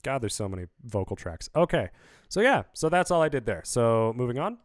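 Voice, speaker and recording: A man's voice: medium pitch, sing-song, brisk, soft background music. A man casually explaining how he produced his song, rambling upbeat with many fillers, talking into a studio vocal mic. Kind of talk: casual video breakdown.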